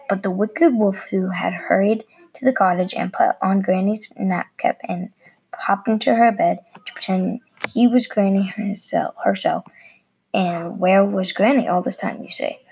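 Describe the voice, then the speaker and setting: A woman reading a fairy tale aloud in a gentle storybook manner, with a few slips. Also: mid-range voice, gravelly, a little hiss or hum, poor audio.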